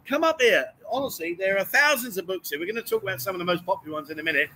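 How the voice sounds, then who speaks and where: Inside a bookshop, a livestream host with a high, bright, forceful voice speaks very fast and expressively, reading out viewer comments and teasing his co-hosts in jokey banter. He often says "unbelievable," with slight background noise.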